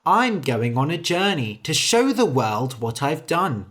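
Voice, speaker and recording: Casting: cheeky, boastful little tailor, voiced by the narrator, bouncy and slow-paced. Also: mid-range voice, big pitch swings, fairly bright tone. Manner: cheerful and boastful.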